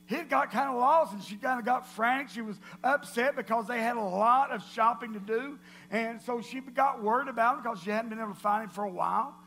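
A man preaching to a church congregation, telling jokes in a playful, animated way. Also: very high-pitched, fairly quick, hardly any pauses, a little hiss or hum. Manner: playful, animated storytelling with laughter.

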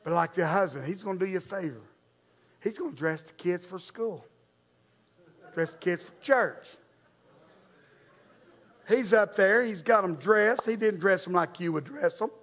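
Man, pastor, sermon, conversational, talks straight to the congregation, high voice. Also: unhurried, long pauses, fairly bright tone. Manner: conversational, direct, addressing the congregation.

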